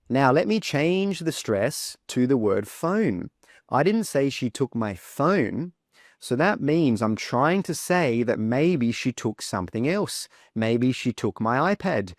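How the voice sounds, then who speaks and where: A man teaching an English speaking lesson in a clear, deliberate way, modelling words as examples. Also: mid-range voice, big pitch swings, no room sound, studio quality. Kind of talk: instructional video lesson.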